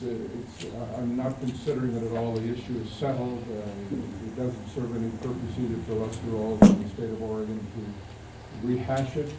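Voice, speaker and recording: A man serving as governor, answering reporters' questions firmly and haltingly at a press conference in a press room. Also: mid-range voice. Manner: firm, halting with restarts. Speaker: state governor. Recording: echoey, distant, noisy archive tape.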